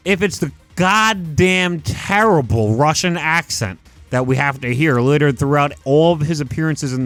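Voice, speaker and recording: A young YouTube movie commentator runs through a countdown ranking in loose, animated talk, peppering his speech with "like" and building into emphatic rants. His voice is somewhat high for a man, and faint music plays in the background.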